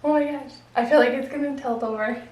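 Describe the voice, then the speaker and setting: A woman's voice: high voice, steady tone, fast talker, very noisy. A woman fitness vlogger talking casually while straining through an exercise she demonstrates. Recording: echoey room with music behind.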